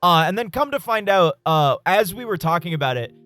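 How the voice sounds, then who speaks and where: A man streaming a game and telling a story in a casual, animated way, swearing and laughing often. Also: high-pitched, a little fast. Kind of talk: casual live-stream chat while gaming.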